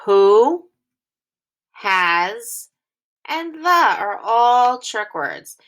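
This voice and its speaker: A woman teacher giving a recorded phonics lesson for young children, reading sentences aloud slowly and clearly in phrases. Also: on the high side, sing-song, fairly bright tone.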